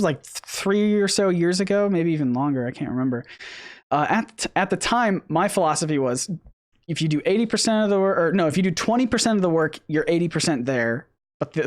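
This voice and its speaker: A man hosting a casual live stream, talking in a rambling way with many restarts, his voice a little worn. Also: a little high. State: losing his voice. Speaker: host.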